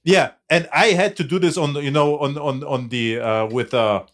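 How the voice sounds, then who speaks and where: A man hosting a podcast, telling a story in a casual conversation, chatty and animated. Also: fairly high pitch, normal speed. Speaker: podcast host.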